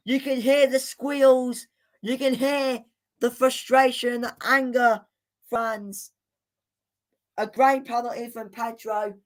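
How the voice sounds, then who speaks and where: A woman hosting a live football watchalong, commenting in an excitable, exclamatory way with indignant rants. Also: high voice. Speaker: watchalong host.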